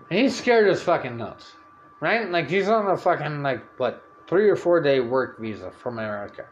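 A man hosting a podcast, telling a story in a loud, profane, animated rant and acting out what people said. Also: on the high side, moderate pace, dull audio, slight background noise. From Canada. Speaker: podcast host.

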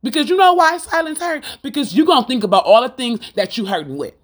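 Here a Christian speaker preaches informally in a high, sing-song voice, moving quickly. She is fervent and rhythmic, leaning on repetition to drive points home and challenging the audience with rhetorical questions.

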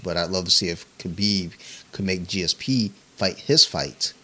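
A young man with a bright, forceful voice sitting low in pitch, chatting on a casual podcast. He talks bluntly and emphatically, swearing freely. His take comes out hard and direct. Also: normal speed. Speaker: podcast co-host. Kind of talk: casual chat.

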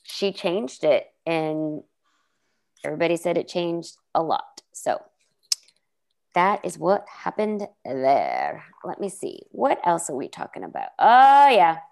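A woman's voice: fairly low pitch, very animated, slow pace, creaky, a little mellow. A woman co-hosting a casual chat show, animatedly retelling TV scenes and acting out characters' lines. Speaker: podcast co-host. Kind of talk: casual chat recapping a TV episode.

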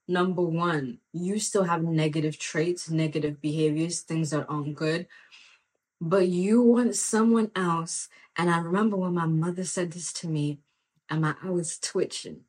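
A woman hosting a podcast, giving a spirited motivational monologue in a preachy, emphatic way, repeating phrases for emphasis and breaking into excited outbursts. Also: fairly low pitch. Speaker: podcast host.

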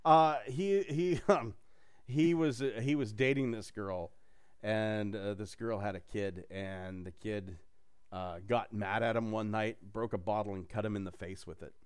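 A man's voice: lowish voice, unhurried, smooth. A man hosting a podcast, talking in a rambling, casual way, laughing often and swearing freely. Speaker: podcast host. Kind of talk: casual chat.

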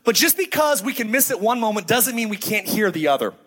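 A man's voice: high voice, sing-song, brisk, a bit bright, breathy edge. A middle-aged man preaching a sermon to a congregation, telling stories casually and acting out the voices of the people in them. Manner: conversational storytelling, acts out quoted voices. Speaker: pastor. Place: church sanctuary before a congregation. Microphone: handheld microphone.

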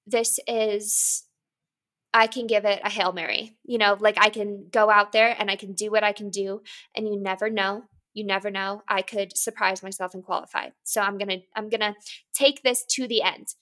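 A competitive climber in her twenties talks openly as a guest in an interview, candid and thoughtful, often saying "you know" and "like". Her mid-range voice has a sharp tone.

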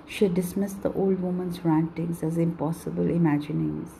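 A woman with a husky voice reads a novel aloud in a steady, measured way. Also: on the low side, a little hiss or hum, rough recording. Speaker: narrator. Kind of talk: storybook reading.

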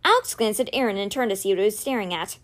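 Woman reading a novel aloud, animated. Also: mid-range voice, fast. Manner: expressive, animated storytelling. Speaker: audiobook reader.

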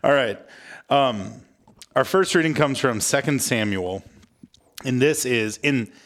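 A podcast co-host, a man with a mid-range voice, is animated and quick to laugh in a casual chat.

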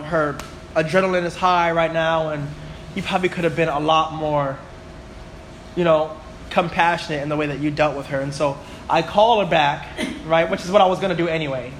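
Leading a Bible class, a twentysomething man speaks in a fairly bright voice on the high side, with some faint background noise. His style is talkative and story-filled, peppered with "right?" and "you know?".

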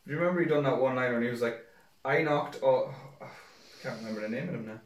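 A man, co-hosting a podcast, teasing and cursing through deadpan jokes. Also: medium pitch, very fast. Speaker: podcast co-host. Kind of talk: casual banter. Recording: roomy, far from mic.

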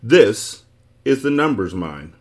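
A man voicing a brisk, bossy twelve-faced male shape who leads the way and gives orders in a storybook reading. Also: medium pitch, sing-song. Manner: commanding, shouting.

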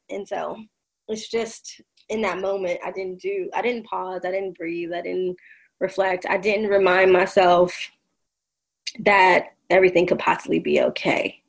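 A woman's voice: fairly low pitch, steady tone, a little slow, gravelly, low-quality recording. A woman telling a personal story in casual conversation, reflective, with many fillers and restarts.

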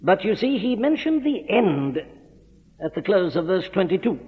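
Earnest preacher in an echoey old hall recording. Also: male voice, a little high, animated, moderate pace, phone-quality sound. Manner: emphatic, earnest, repeats key words. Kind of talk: expository sermon.

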